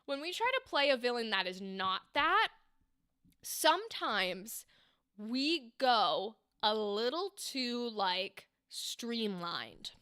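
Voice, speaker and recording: A woman's voice: a little high, sharp tone, smooth, dry recording, clean studio sound. A woman hosting a livestream, chatty and enthusiastic, giving voice acting feedback and acting out example lines. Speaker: livestream host and voice acting coach.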